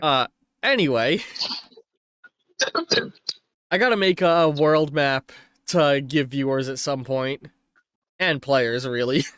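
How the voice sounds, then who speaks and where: A man's voice: medium pitch, slow, pauses often, fairly bright tone, clear, resonant tone, no room sound, studio quality. A man narrating as game master of a tabletop game on a stream, rambling and correcting himself as he goes.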